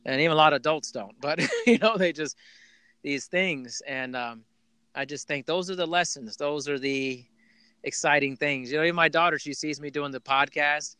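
A man hosting a podcast, telling a heartfelt parenting story in a warm, rambling conversational way with restarts. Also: fairly high pitch, normal speed, clear, resonant tone, dry recording. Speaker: podcast host. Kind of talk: casual conversational interview.

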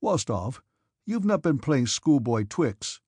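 A man's voice: medium pitch, big pitch swings, slow pace, darkish tone, breathy edge, no echo, studio quality, heavily acted. A man voicing a hot-tempered hussar officer who bellows his words and lisps slightly. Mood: suspicious. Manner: bellowing, furious.

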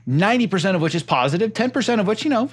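A man's voice: high voice, animated, rapid-fire, husky. A man hosting a casual conversation, speaking earnestly and reflectively with frequent fillers.

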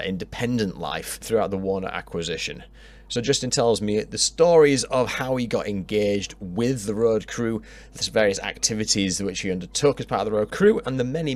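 Chatty Yorkshire man hosting a podcast. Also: lowish voice. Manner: chatty, swears freely. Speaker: podcast host. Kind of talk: casual podcast interview.

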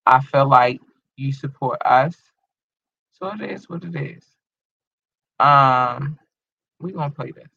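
An online show host reading out casual shout-outs to listeners in a slangy, drawling way, swearing freely. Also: mid-range voice, takes it slowly, creaky, long pauses, dull audio.

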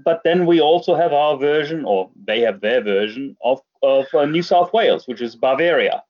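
A man with a German accent, a podcast guest, explaining things in a measured way with a dry touch. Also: fairly high pitch, animated, lo-fi sound. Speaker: guest commentator. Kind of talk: casual chat.

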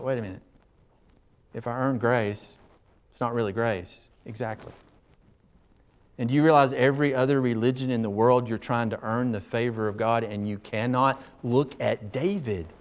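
A man preaching a sermon as pastor, emphatic, repeating his phrases and swinging from hushed to forceful. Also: medium pitch.

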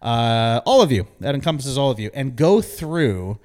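A man's voice: mid-range voice, very animated, normal speed, a little mellow. A man co-hosting a podcast, chatting casually, joking and rambling as he talks. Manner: joking, rambling, laughs often. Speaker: podcast co-host. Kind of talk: casual chat.

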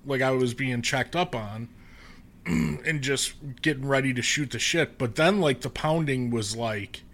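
Bright-voiced man swearing casually. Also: mid-range voice, unhurried. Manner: laid-back, swears often, tells stories with a laugh. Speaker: podcast co-host. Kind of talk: casual chat.

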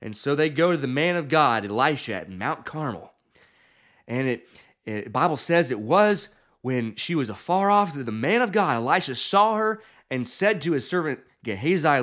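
A male preacher narrates a Bible story with lively, swinging pitch. He breaks into light chuckling asides as he goes. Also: moderate pace. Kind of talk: sermon storytelling.

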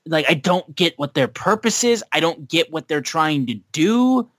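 Podcast co-host, male, bright raised voice, dry close mic, profane and animated. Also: on the high side, normal speed, no room sound. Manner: animated and profane, recapping and ranting. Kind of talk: casual podcast chat.

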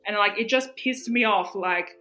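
A young woman, co-hosting a podcast and telling stories in a casual, animated way, full of fillers and swearing. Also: medium pitch, moderate pace. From Australia. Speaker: podcast co-host. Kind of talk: casual chat.

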